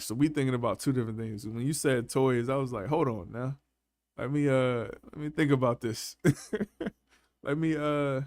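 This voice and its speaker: A man's voice: mid-range voice, dry recording, clean studio sound. A man hosting a casual live panel chat, laughing often and talking in loose, slangy banter. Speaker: panel host.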